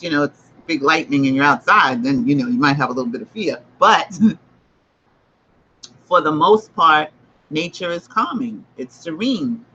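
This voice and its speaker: A woman's voice: lowish voice, fairly bright tone, breathy edge, lo-fi sound. A woman hosting a livestreamed spiritual book discussion, emphatic and repetitive as she makes her points. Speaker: host.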